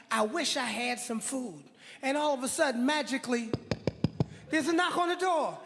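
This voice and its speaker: A man's voice: very high-pitched, sharp tone. A male comedy guest telling a story live on stage, easygoing, stammering and chuckling. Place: large live venue. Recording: live stage mic in a reverberant hall with noise.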